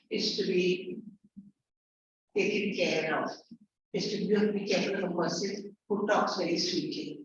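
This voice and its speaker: A woman with a fairly high voice teaches literature, going through a text line by line and repeating key words. Her voice sounds distant and muffled, with a strong echo around it. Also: a bit bright, slight background noise. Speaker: tutor. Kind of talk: online literature lecture. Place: online class. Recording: echoey, distant, muffled lecture audio.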